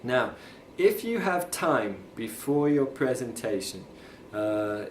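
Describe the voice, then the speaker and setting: A man explaining things plainly and patiently in a video lesson, demonstrating as he talks. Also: on the high side. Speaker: teacher. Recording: echoey room with faint ambient noise.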